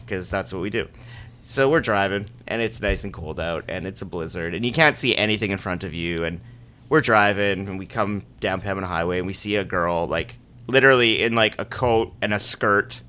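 A man's voice: lowish voice, brisk, sharp tone, clear, resonant tone. A man telling a rambling, laughing anecdote to friends in casual chat, full of "like" fillers. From Winnipeg. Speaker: storyteller on a podcast.

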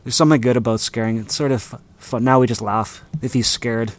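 A man co-hosting a casual podcast chat, telling wry stories in a dry, relaxed way that trails off quietly. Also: mid-range voice, a little fast, a little hiss or hum. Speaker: podcast co-host.

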